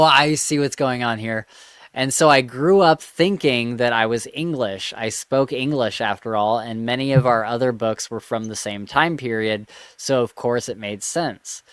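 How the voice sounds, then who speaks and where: Male podcast host, smooth and resonant, dry close sound, amused storyteller reading aloud. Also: mid-range voice, a bit bright, no room sound. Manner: amused, laughs between lines. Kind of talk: casual chat, reading a listener story aloud.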